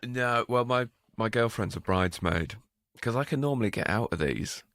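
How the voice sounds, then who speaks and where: A man's voice: mid-range voice, animated, moderate pace, fairly bright tone, dry recording. A man co-hosting a podcast, chatting casually with dry, self-deprecating humour. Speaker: podcast co-host. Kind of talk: relaxed casual chat.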